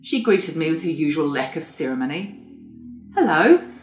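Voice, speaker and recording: A woman narrating an audiobook in a composed, even storytelling manner. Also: low voice, a little fast, faint music behind. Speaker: reader. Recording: roomy echo.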